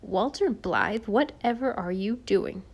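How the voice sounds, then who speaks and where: A woman voicing a stern, fussy older housekeeper in an audiobook, speaking in a deliberate, scolding way. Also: medium pitch, expressive, creaky, a little mellow, exaggerated voice. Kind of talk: audiobook character voice.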